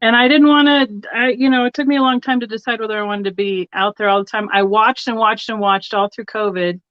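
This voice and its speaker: A woman's voice: fairly high pitch, fairly even intonation, fast talker. A woman talks casually over a video call, chatty and loose, full of little fillers. The sound is dull and lo-fi. The room is dry, with no echo. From Colorado. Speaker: guest seller. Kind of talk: casual chat on a live stream. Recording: dull dry lo-fi stream audio.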